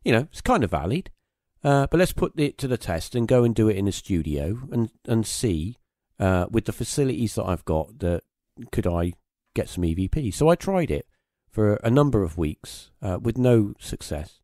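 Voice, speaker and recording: A man's voice: fairly low pitch, big pitch swings, moderate pace, hardly any pauses, dark tone, dry recording, studio quality. A man hosting a podcast, telling a long anecdote in a rambling, casual way with plenty of fillers. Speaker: podcast host. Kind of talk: casual conversation, storytelling.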